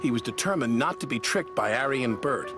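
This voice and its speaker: A man narrating a children's story in an expressive way. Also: medium pitch, a little fast. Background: music.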